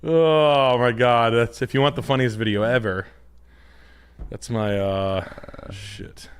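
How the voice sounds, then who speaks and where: A man's voice: medium pitch, steady tone, slow, smooth. A man co-hosting a podcast, bantering casually in a rambling, joking way. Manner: joking, rambling, laughs often. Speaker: podcast co-host.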